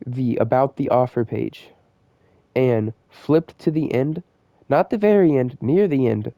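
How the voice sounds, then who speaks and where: A man's voice: medium pitch, dry recording. A young man casually telling a rambling story, full of slang, fillers and side tracks. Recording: dull lo-fi dry recording.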